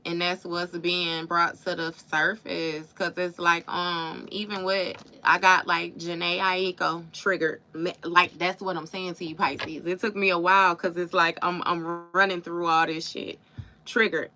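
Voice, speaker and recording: Bright-voiced woman doing a casual tarot live. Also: fairly low pitch, little pitch movement, measured pace, a little hiss or hum. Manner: casual, emphatic, swears freely, recites lyrics in rhythm. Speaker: tarot reader. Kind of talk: live tarot reading with recited song lyrics.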